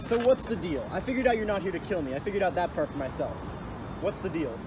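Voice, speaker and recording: A young man playing an excitable teenage boy in a student film, firing off eager questions. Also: sits high, quick pace, noisy background. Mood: excited. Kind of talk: amateur student film acting.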